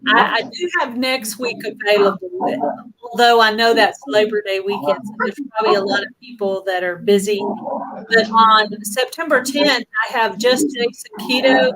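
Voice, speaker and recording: A woman's voice: a little high, steady tone, moderate pace, a crowd in the background, low-quality recording. A middle-aged woman hosting a casual live-stream interview, chatty and prone to giggling as she tells stories. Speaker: host.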